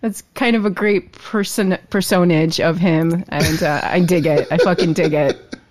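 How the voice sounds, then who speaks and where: A woman co-hosting a show in casual chat, bubbly and quick to swear and laugh. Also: fairly low pitch, fairly even intonation, darkish tone. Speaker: co-host.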